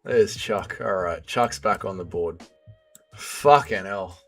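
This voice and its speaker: A man's voice: low voice, slow, a bit bright, soft background music. A young man hosting a casual livestream, reading chat aloud, swearing often and swinging between heated rants and mumbled apologies.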